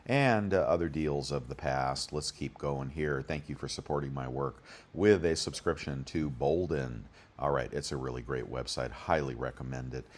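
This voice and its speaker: Very deep-voiced man, chatty. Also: normal speed. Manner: rambling, chatty, talks through prices with many fillers. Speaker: bullion deals channel host. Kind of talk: casual screen-share commentary.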